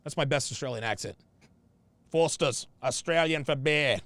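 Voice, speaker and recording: A man putting on a deliberately bad, jokey impression of an Australian bloke. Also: mid-range voice, a bit bright, no room sound, pitched below the performer's own voice, lightly acted. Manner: jokey put-on accent. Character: clichéd Australian bloke, male adult.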